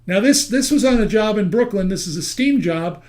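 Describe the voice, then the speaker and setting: A man's voice: sits high, lively intonation, normal speed, darkish tone. An older man teaching a seminar, telling stories and cracking wry jokes. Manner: folksy storytelling, wry jokes to the audience. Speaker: seminar instructor on steam heating. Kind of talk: recorded seminar lecture.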